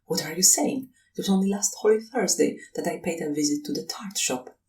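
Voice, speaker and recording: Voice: medium pitch, fairly quick, a little mellow, recorded from a distance, a little hiss or hum, natural voice, poor audio. A reader voicing a nervous, evasive young seminary student who protests and pleads, in an audiobook reading. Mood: protesting.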